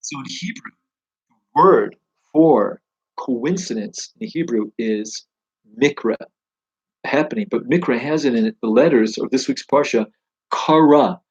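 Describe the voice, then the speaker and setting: Enthusiastic man teaching Torah, husky voice. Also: medium pitch, unhurried, darkish tone, lo-fi sound. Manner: enthusiastic, conversational, exclaims wow. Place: home study.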